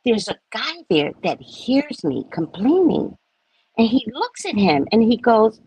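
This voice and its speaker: A woman telling a story casually to her viewers, animated and swearing, often checking in with "right?". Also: fairly high pitch, measured pace, low-quality recording. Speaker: vlogger, spiritual reader.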